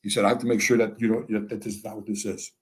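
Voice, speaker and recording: Speaking very fast in a lowish voice, an older American interview guest shares candid stories. He animatedly plays both parties in each conversation, with a dry wit.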